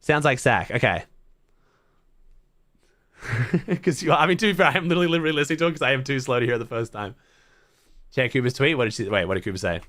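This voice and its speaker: A man's voice: medium pitch, fast talker, long pauses, fairly bright tone, no room sound, studio quality. An Australian man streaming to his chat, thinking aloud in blunt, casual talk full of swearing. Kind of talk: casual livestream chat to viewers.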